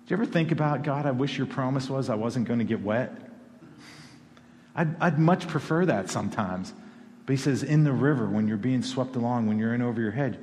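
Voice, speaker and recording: A pastor delivers a sermon in a mid-pitched male voice, talking to the room like a conversation, then pushing up in pitch and volume for emphasis. A long reverb from the church hall trails behind his words. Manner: conversational, rising to emphatic peaks.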